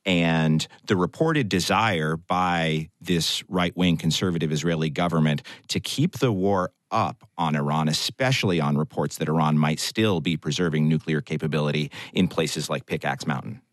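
Low-voiced guy hosting a news talk radio show, chatty and measured, dry studio sound. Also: dry recording. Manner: conversational, lightly joking, measured. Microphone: studio microphone.

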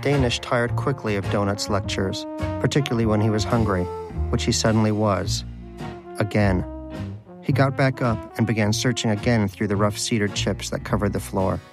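A low-voiced man narrating an audiobook with dry, wry timing. Music plays clearly behind his voice throughout. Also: moderate pace.

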